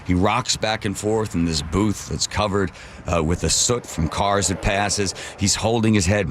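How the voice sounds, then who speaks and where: A man's voice: low voice, a little slow, a little hiss or hum. A middle-aged man, a radio host, telling a story with vivid drama.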